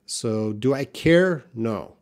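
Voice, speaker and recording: A middle-aged man from Canada with a light Canadian accent, answering viewers' questions in a live English lesson and thinking aloud with many pauses and restarts. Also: mid-range voice. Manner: relaxed, thinking aloud with frequent uhs and restarts. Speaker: English teacher.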